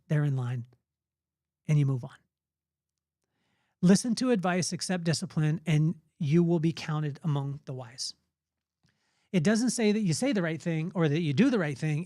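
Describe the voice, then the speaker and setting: Male podcast host, middle-aged, earnest and preachy, telling stories off the cuff, bit of a higher voice. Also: a little mellow, dry recording, clean studio sound. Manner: earnest, preachy, spontaneous storytelling. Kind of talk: motivational faith talk.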